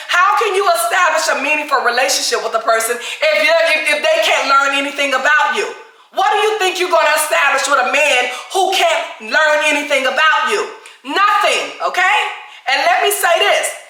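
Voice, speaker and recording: Woman, emphatic dating advice vlog, lively swooping pitch, bright voice, echoey room. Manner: emphatic, repeats "all right?" and "okay?" constantly. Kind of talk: direct-to-camera advice talk.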